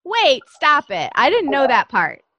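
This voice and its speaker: A Southern-accented woman in her forties hosts a podcast, her voice sitting a little high and swooping all over the place as she gushes and exclaims. She sounds close and dry on the mic, with no room around her. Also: huge pitch swings, unhurried, bright, forceful tone, no room sound, highs cut off. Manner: gushing, exclamatory. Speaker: podcast host. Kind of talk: upbeat podcast interview.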